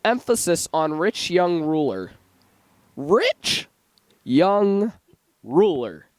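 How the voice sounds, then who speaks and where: A man's voice: fairly high pitch, dry recording. A young man giving an informal Bible teaching in a church, chatty and given to asides and self-corrections. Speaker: lay preacher. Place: church sanctuary.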